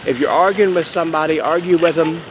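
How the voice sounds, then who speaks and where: A man's voice: on the high side, fast, background noise. A man chatting casually to camera in a vlog outside a store, rambling and joking about deals. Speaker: vlogger.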